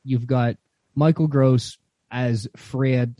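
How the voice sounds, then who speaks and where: A man's voice: mid-range voice, steady tone, slow, dark tone, dry recording. A man on a podcast, talking wryly and emphatically about a favorite movie, joking as he goes. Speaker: podcast guest. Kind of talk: casual chat about movies.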